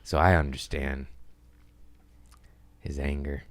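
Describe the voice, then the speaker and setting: A man in his thirties hosting a podcast, telling rambling, crude comedic stories and slipping into quick put-on voices. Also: rumbling low, fairly even intonation, dry recording. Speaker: podcast host. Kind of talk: casual comedic chat. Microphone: studio podcast mic. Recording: dry close studio sound.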